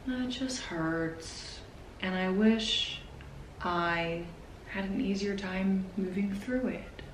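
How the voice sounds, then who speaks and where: A woman's voice: mid-range voice, a little hiss or hum. Nervous woman in an echoey room. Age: 20s. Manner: nervous, emotional, halting. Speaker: vlogger. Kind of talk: personal confessional vlog.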